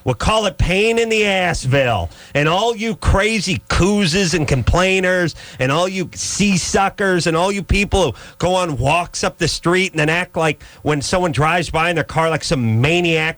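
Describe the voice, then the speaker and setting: A man's voice: fairly bright tone, no echo. A male radio host telling a profane, exasperated story as a comic rant, with punchy delivery. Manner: punchy delivery, jumps into high mocking voices. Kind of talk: comic ranting talk radio.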